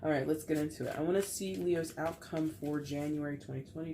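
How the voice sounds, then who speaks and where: A woman's voice: sits low, brisk, noisy background. A woman giving a casual tarot reading to camera, chatty and playful with frequent laughter, while getting over a cold. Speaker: tarot reader.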